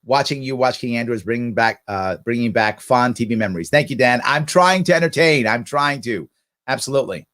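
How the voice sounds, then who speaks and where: Guy hosting a live stream, snarky reaction commentary, answers chat comments, medium pitch. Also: expressive, fairly quick, fairly bright tone. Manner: sarcastic, talks back at the clip. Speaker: livestream host.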